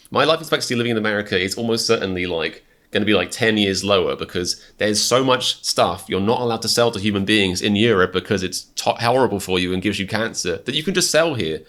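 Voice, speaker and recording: Man, British accent, reaction video host, rambling, self-deprecating, lowish voice. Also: a bit bright. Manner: rambling, self-mocking rants with many restarts. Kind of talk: casual reaction commentary.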